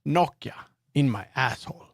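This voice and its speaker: A man putting on a blunt, boastful stereotyped Finnish man, speaking in short flat statements. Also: medium pitch, moderate pace, gravelly, no room sound, studio quality. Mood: mock-boastful.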